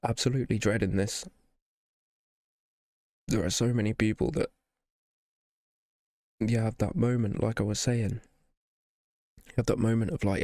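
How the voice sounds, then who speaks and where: A man's voice: fairly low pitch, fairly even intonation, unhurried, pauses often, dark tone, no room sound, studio quality. A man hosting a reaction video, earnest and encouraging, emotional after having cried. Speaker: reaction channel host. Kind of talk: heartfelt reaction video sign-off.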